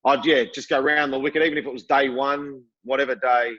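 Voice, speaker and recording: A middle-aged man as a podcast guest, telling lively stories and acting out what people said. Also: mid-range voice, fast talker, muffled recording. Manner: lively storyteller, acts out quotes. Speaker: guest, former cricketer. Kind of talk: casual interview chat.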